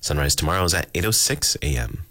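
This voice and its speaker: A man hosting a local radio show, reading the weather and tides in a relaxed, chatty way. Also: very deep voice, fast talker, no room sound, studio quality. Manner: relaxed, chatty, reads figures with asides. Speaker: radio host. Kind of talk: casual radio announcing.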